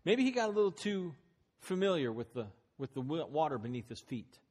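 A man's voice: on the high side, very animated, brisk, darkish tone. A man preaching a sermon, retelling a story dramatically with voiced quotes.

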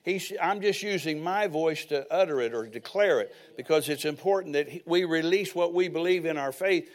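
A man's voice: on the high side, moderate pace. An older man preaching a sermon as pastor, telling personal stories with folksy asides.

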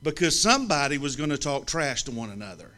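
A man from the American South, telling a humorous story to an audience in a lively, teasing way with comic pauses. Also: medium pitch. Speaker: speaker telling a story about a friend.

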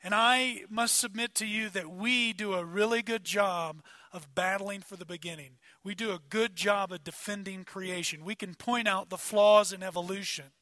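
A man preaching a sermon as pastor, talking conversationally and swinging between loud emphasis and quiet asides. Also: sits high, fairly even intonation, moderate pace, hardly any pauses, no room sound.

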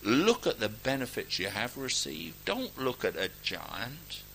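A man delivers a sermon in a bright, ringing voice. His pitch rises and falls widely as he exhorts his listeners, moving between loud declarations and quiet asides. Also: huge pitch swings, gravelly, a little hiss or hum, low-quality recording. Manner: reads scripture aloud in a ringing, measured cadence. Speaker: preacher.

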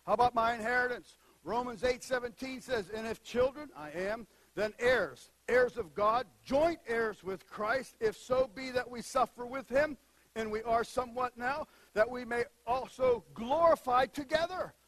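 A male pastor delivers an animated sermon in a very high, husky voice. He swings between hushed, conversational asides and loud, emphatic bursts, with a rough, breathy edge throughout. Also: moderate pace, poor audio.

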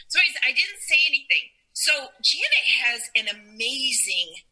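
A woman's voice: sits high, sing-song, a little slow, bright, forceful tone, poor audio. A woman casually recounting a personal faith story, often quoting what she and a friend said. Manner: chatty, quotes others' dialogue in her retelling. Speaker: storyteller sharing a faith testimony.

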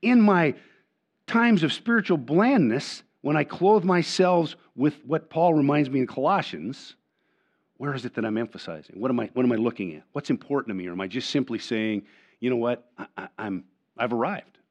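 An older man preaching a sermon as pastor. He often repeats and restarts words, and he swings between loud, emphatic lines and quiet asides. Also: mid-range voice, animated, normal speed. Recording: dull lo-fi sermon recording.

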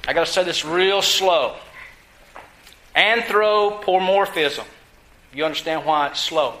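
A man preaching a sermon, teaching from scripture with emphasis and putting questions to his listeners, drawing some words out slowly for stress. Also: sits high, pushed and bright, poor audio. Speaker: pastor.

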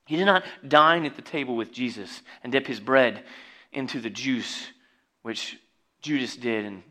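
Bright-voiced folksy preacher man. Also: on the high side. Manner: folksy, jokey asides, rising to loud exclamations. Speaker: pastor. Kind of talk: sermon.

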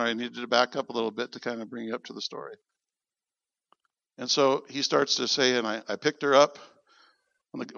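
Male preacher, gravelly and forceful, animated storytelling sermon, dry lo-fi recording. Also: mid-range voice, no echo. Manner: animated, acts out quoted dialogue. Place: church. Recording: dull lo-fi sound.

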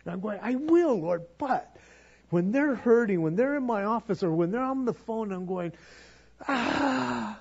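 A man's voice: high voice, expressive, moderate pace, darkish tone, dull audio. A man preaching a sermon as pastor, earnest and pleading, often stumbling over repeated words.

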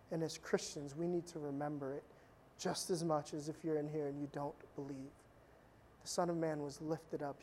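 A pastor preaching a sermon, telling stories in a conversational way with humorous asides and sudden drops from loud emphasis to quiet intensity. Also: medium pitch, a little hiss or hum.

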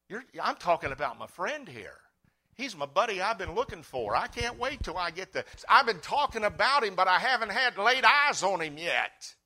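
A middle-aged man preaching a sermon, swinging between loud fervent cries and quiet earnest talk. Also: high voice, very animated, moderate pace. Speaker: pastor.

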